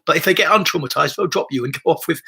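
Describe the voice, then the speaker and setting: A man's voice: a little high, very fast, vocal fry, sharp tone, breathy edge. A man hosting a livestream on body-based therapy, talking casually and bluntly, swearing freely and restarting his sentences with many "you know"s.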